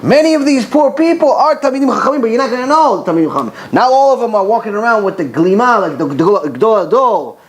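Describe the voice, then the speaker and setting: Middle-aged male rabbi, lively storytelling class delivery, high pitch with a wide range. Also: fast talker, hardly any pauses. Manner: animated storyteller, acts out dialogue, repeats for emphasis.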